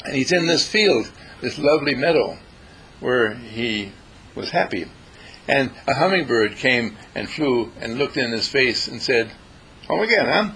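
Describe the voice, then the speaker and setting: A man's voice: medium pitch, unhurried, a bit bright, breathy edge, rough recording. A man telling a story to an audience, emphatic and repetitive, speaking straight to his listeners. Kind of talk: storytelling talk.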